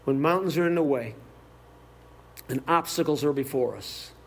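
A male preacher with a high-pitched voice delivers a sermon. He tells stories with heartfelt feeling and recites scripture from memory. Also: moderate pace, a bit bright, breathy edge. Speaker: visiting preacher.

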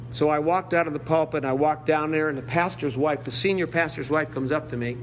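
A man's voice: a little high, steady tone, fairly quick, hardly any pauses, a little hiss or hum. A man preaching a sermon, telling stories with heartfelt feeling and reciting scripture. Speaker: visiting preacher.

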